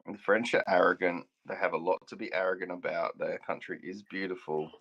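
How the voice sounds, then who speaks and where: A man making dry, deadpan quips in casual live stream banter. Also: low voice, fairly quick, breathy edge, dull audio.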